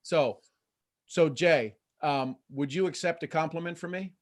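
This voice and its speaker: A middle-aged man hosting a live motivational coaching call, lively and acting out quoted voices. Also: a little high, a little slow. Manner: animated, acts out quoted voices. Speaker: host and coach.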